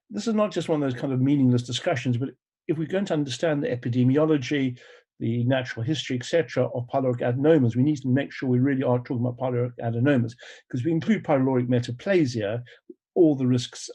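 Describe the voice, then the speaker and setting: A man lecturing in an academic talk, with a gravelly, husky voice. His tone is dark and mellow, and he explains things in a measured way with frequent "uh" pauses. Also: medium pitch. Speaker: pathology professor giving a conference lecture. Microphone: remote talk recording.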